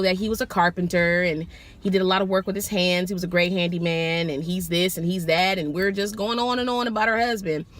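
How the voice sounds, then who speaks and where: A woman who drives for a rideshare service tells a story to camera in a casual, animated way, with lots of exclamations and swearing. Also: mid-range voice. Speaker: rideshare driver telling stories.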